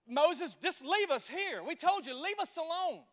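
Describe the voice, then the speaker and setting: A man's voice: very high-pitched, animated, measured pace, a bit bright, big-room sound, voice pushed up, exaggerated voice. A man voicing a whiny, pleading crowd of grumblers. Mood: whining.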